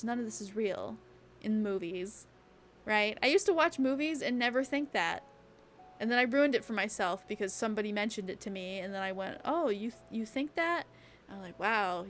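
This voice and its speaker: A woman's voice: medium pitch, a bit bright, a little hiss or hum. A young woman streaming a casual late-night chat, rambling and chatty, peppering her talk with "like" and the odd swear word. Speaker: VTuber streamer.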